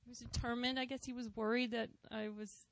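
A worship leader shares her testimony in an earnest, heartfelt voice that sits a little high for a woman. She talks to the congregation in a personal, conversational way, with frequent "you know" asides. The sound is dry and close, with almost no room echo. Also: flat delivery, a little fast, gravelly. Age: adult, a mother of school-age kids.

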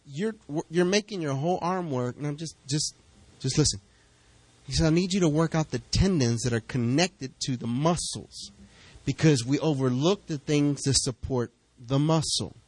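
A middle-aged man preaching a sermon, telling a story with lively back-and-forth dialogue. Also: a little high, normal speed, dry recording. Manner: storytelling, animated, acts out quoted exchanges. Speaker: pastor.

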